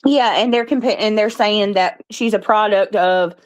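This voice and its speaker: A woman's voice: medium pitch, normal speed. A middle-aged woman from Georgia, a mother speaking on a casual live panel, blunt and profane with an emphatic drawl.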